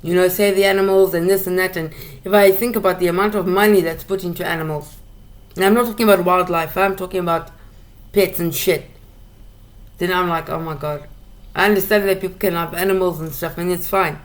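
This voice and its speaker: A woman's voice: fairly low pitch, steady tone, a little fast. A woman hosting a solo talk show, ranting bluntly with lots of swearing and repeated words as she gets heated. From South Africa. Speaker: podcast host ranting solo. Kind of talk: casual monologue rant.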